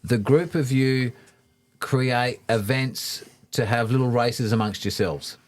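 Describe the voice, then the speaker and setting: A man's voice: medium pitch, takes it slowly. A man with an Australian accent hosting a casual podcast, loose and jokey as he steers the conversation. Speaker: podcast host.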